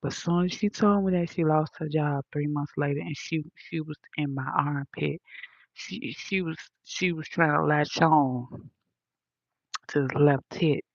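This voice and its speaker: A woman ranting bluntly and profanely to her viewers, talking softly into a headphone mic at home in a condo. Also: low voice, unhurried, gravelly, no echo, dull audio. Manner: blunt, profane, soft-spoken. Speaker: vlogger. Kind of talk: casual rant to viewers. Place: high-rise condo.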